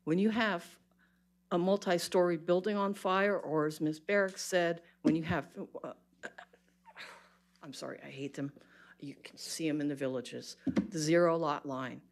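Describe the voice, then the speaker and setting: A woman's voice: lowish voice, moderate pace. A woman giving an impassioned, exasperated public comment at a county board meeting, speaking bluntly into a podium microphone.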